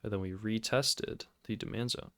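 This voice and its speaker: A man hosting a trading video, talking over his screen in a casual, excitable and sarcastic, self-mocking way. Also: lowish voice, moderate pace, no room sound, studio quality. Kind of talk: casual screen-recorded commentary.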